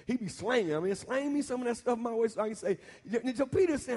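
A male pastor preaches in a church sanctuary, talking in a colloquial, animated way and teasing his congregation. His voice is very high for a man. The sound rings with a long hall reverb. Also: quick pace, hardly any pauses. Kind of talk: sermon.

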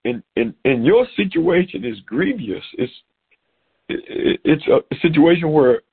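A middle-aged man preaching a sermon over a phone call, animated and repeating words as he goes. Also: a little high, a little slow, husky. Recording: tinny phone-line sound.

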